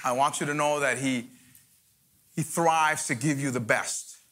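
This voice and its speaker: A man's voice: medium pitch, steady tone, a little slow, a bit bright. A man, a guest pastor, mixing joking asides with fervent preaching in a church sermon.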